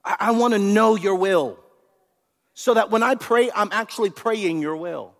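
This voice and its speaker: A man preaching a sermon in an animated way, repeating words and asking the congregation questions. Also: sits high, measured pace, creaky. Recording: long hall reverb.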